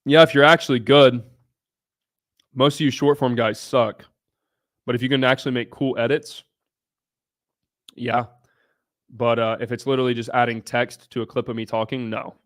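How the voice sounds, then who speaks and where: A man hosting a casual livestream Q&A, talking bluntly with frequent swearing and bursts of excitement. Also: mid-range voice, normal speed, long pauses. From United States (Ohio). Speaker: livestream host.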